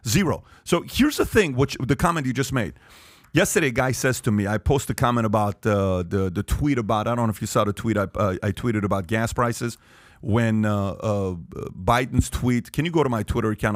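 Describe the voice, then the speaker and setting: A man's voice: mid-range voice, no room sound, studio quality. A man hosting a podcast panel, talking emphatically and firing rhetorical questions at the group. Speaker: podcast host. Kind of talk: animated podcast talk.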